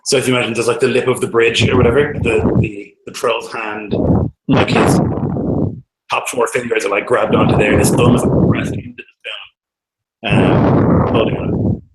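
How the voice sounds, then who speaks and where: A man's voice: medium pitch, level tone, moderate pace, very noisy. A man narrating a tabletop game as dungeon master, casual and chatty with lots of fillers.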